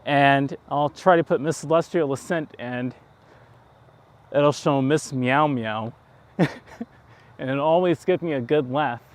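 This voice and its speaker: A man with a slight New York accent chats in a loose, rambling way, with chuckling asides, on a casual walk-and-talk livestream. He speaks at a middling pitch into a handheld phone as he walks outdoors through town streets at night. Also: slow pace, long pauses. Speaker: livestream host.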